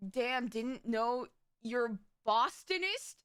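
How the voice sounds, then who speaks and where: A woman's voice: fairly high pitch, animated, drawn-out words, clean tone, dry recording, clean studio sound. A young woman streamer chatting with her live audience, rambling and giggling, often stopping to correct herself. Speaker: VTuber streamer. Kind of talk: casual live-stream chat.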